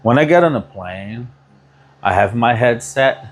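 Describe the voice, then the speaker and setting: Barber guy with a foreign accent, chill, says bro a lot, middle-pitched voice. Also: lively intonation, a little slow. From abroad, not born in the US. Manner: loose, broken phrasing, calls others bro. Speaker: barber, streamer. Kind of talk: casual chat.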